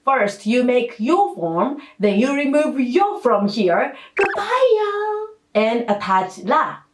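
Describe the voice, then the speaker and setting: Lady teacher explaining grammar, kinda high voice, patient and playful. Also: expressive, slow pace, noisy background. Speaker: Korean language teacher. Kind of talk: scripted lesson narration. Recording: roomy echo.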